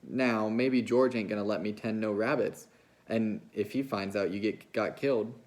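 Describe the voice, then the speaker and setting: A man reading a novel aloud, voicing a big, slow-witted, childlike ranch hand who talks in a plaintive, pleading way. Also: lowish voice, steady tone, darkish tone, natural voice. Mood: grieving.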